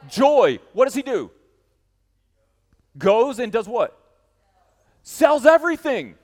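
A man preaching a sermon to a congregation, telling a story with lively energy and addressing his listeners directly. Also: very high voice, slow pace, long reverb tail. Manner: animated storytelling, speaking straight to the congregation. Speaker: pastor. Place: church hall.

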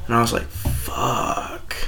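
A young man co-hosting a podcast rambles through profane work stories in casual chat, quoting his coworkers along the way. His voice is medium-pitched and fairly bright, and he talks a little fast.

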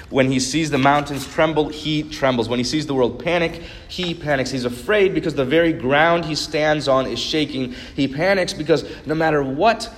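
A man's voice: a little high, slight background noise. Earnest preaching man in reverberant hall. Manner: earnest storytelling preacher, building to emphatic repetition. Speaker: pastor. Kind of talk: sermon. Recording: long reverb of a large hall.

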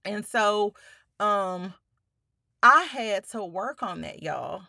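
Bright, slow-spoken woman telling her story. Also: mid-range voice, lively intonation, creaky, dry recording, clean studio sound. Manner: emphatic, addresses listeners as y'all, frequent swearing. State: holding back tears. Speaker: podcast host. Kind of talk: personal storytelling monologue.

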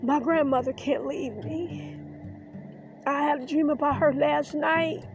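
A woman's voice: high voice, steady tone, measured pace, lo-fi sound, music in the background. A woman hosting a podcast, talking in an emotional, defiant personal monologue and getting choked up at times. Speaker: podcast host.

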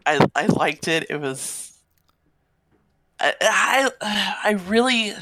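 A woman's voice: medium pitch, animated, slow, fairly bright tone, dry recording, rough recording. A woman co-hosting a podcast, speaking in a thoughtful, casual way and often restarting her sentences. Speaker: guest podcast co-host.

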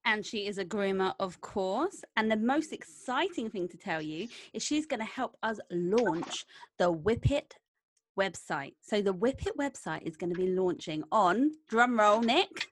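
A woman's voice: mid-range voice, lively intonation, measured pace, a little hiss or hum. A woman with a South London accent co-hosting a casual chat, chatty and laughing. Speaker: co-host.

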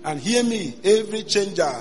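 Pastor preaching in a reverberant hall. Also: male voice, high voice, expressive, normal speed. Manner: storytelling sermon, swings from hushed to shouting. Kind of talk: sermon. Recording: long hall reverb with faint music.

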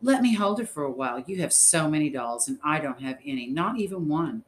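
A man's voice: a little high, lively intonation, brisk, a little hiss or hum, lightly acted. A man reading an audiobook voices a bossy, resentful young girl who talks in a scornful, demanding way.

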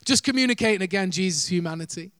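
A man's voice: high-pitched, fast, a bit bright, no echo. A man preaching a sermon, earnest, shifting his pace and volume for emphasis, with light laughs.

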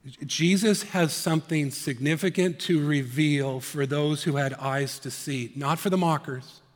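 High-voiced preacher in an echoing hall. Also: male voice, normal speed. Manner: earnest, swings from soft hushed tones to emphatic rises. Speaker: pastor. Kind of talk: sermon.

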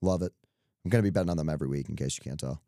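A man's voice: rumbling low, very fast, warm tone, no room sound, clean studio sound. A young man co-hosting a podcast, chatting casually about sports picks with loose, joking asides. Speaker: podcast co-host. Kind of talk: casual sports betting chat.

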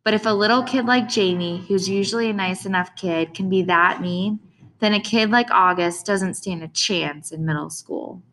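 A woman's voice: medium pitch, moderate pace, a bit bright, a little hiss or hum. A woman reading a first-person storybook narration in a casual, conversational way. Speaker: audiobook narrator.

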